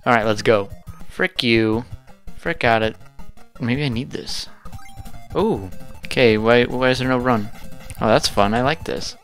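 A man's voice: mid-range voice, measured pace, long pauses, fairly bright tone, soft background music. A young man, hosting a retro gaming channel and swearing at the game in casual, frustrated commentary.

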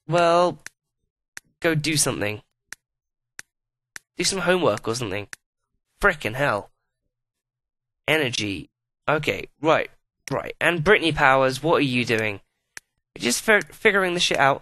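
A man's voice: a little high, bright, forceful tone. A man giving profane, exasperated running commentary while playing a life-simulation video game. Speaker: let's play host.

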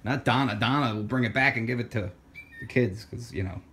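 A man's voice: medium pitch, brisk, pushed and bright, slight background noise. A man hosting a casual home vlog, teasing and giggling like a prankster. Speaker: vlog host. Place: home indoors.

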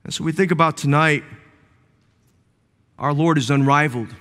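A man's voice: fairly high pitch, steady tone, moderate pace, bright, forceful tone. A man preaching a sermon as pastor, building into emphatic, rising cadences with repeated phrases. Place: church sanctuary. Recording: long church reverb.

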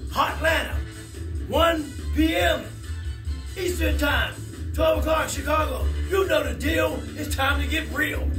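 A man shouting and chanting a hype video as a sports fan vlogger, laughing often. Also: very high-pitched, far from the mic. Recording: echoey room, off mic, loud music. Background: loud music.

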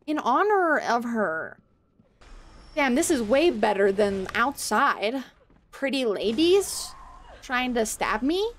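High, lively-voiced woman streamer. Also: slow. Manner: playful, reactive, swears and laughs often, talks to chat. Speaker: game streamer. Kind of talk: live gameplay commentary.

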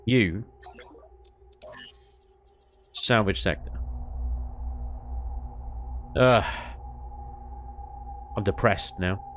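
A man giving casual, animated commentary on his gameplay, ranting and laughing with mild swearing. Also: fairly low pitch, drawn-out words, pauses often, faint music behind. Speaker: gaming YouTuber.

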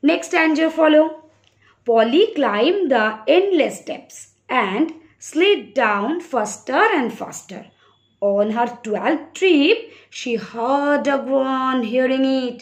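A woman with a Bengali accent is teaching young children, speaking a little above the usual pitch. She reads a story aloud line by line and stops to explain it in simple words, often asking her students questions as she goes. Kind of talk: online English literature lesson.

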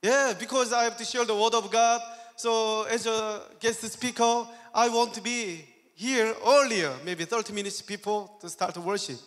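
A Korean-accented man speaking English as a second language preaches as a guest pastor in a church hall with long reverb. His voice is high-pitched, steady and fairly bright at a normal speed, and he tells a personal story, acts out his own quoted lines and laughs often.

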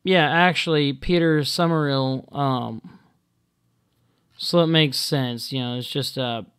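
A man talking to camera in a casual monologue, halting and full of ums and restarts, blunt and exasperated. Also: mid-range voice, clean tone. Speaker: video blogger.

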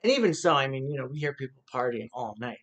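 A man talking casually after playing guitar at home in his city apartment, rambling quickly and quietly with lots of fillers. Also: mid-range voice, very animated. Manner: rambling, quick, soft-spoken talk with fillers. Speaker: singer-songwriter and YouTuber. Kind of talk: casual spoken aside after a guitar performance.

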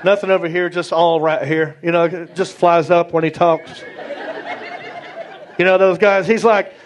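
A male stand-up comedian performing a playful, animated set and talking with the audience, on a club stage with a handheld mic. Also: high-pitched, normal speed, a little hiss or hum. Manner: animated and playful, talks with the crowd. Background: audience laughter.

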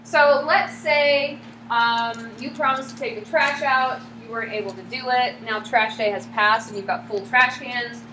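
Female lecturer, higher voice, questions her class often; echoey classroom, hum behind. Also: unhurried. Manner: lively, asks the class questions. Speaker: psychology lecturer. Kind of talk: classroom lecture with acted examples.

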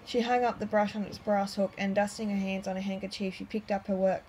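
Calm woman reading a storybook. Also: medium pitch, brisk, slight background noise, low-quality recording. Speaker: audiobook reader. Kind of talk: storybook narration.

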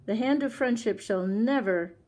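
An earnest, gentle holy man from a storybook, formal and old-fashioned in his speech, as a woman reader puts him on. The voice rides a little higher than her own narration. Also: moderate pace, natural voice. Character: kind, wise, timid holy man. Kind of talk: storybook read-aloud.

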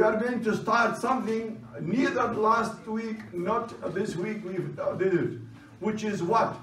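A man whose first language is Chaldean Aramaic teaches a class in a brisk, commanding way and repeats his instructions. His voice sits fairly high. He is heard from a distance in an echoing classroom with faint noise behind him. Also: fairly even intonation, a bit bright. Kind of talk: classroom lecture. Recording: roomy, distant classroom recording.

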